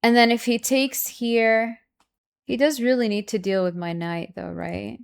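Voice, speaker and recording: An unhurried young woman with a fairly high, gravelly yet clean voice streams chess, anxiously talking through her moves and then going over the game in a chatty manner. Stress makes her repeat herself, and she erupts in loud, excited cries.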